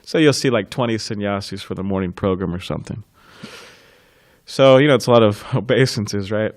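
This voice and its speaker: Low-voiced man giving a temple class. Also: fairly quick, dry recording. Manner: informal, anecdotal, laughs softly between thoughts. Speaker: scripture class speaker. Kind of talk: reminiscing temple class talk.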